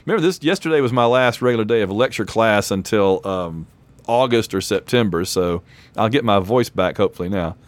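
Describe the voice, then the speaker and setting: A hoarse man co-hosting a podcast in casual chat, rambling and laughing often. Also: fairly low pitch, animated, brisk, no room sound. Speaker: podcast co-host; lecturer.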